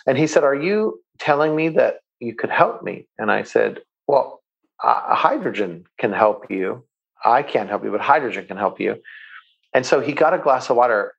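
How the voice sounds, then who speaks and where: Enthusiastic male guest, gravelly voice, muffled lo-fi sound. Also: medium pitch, lively intonation, normal speed. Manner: enthusiastic, repeats words when starting sentences. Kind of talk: interview answers, storytelling.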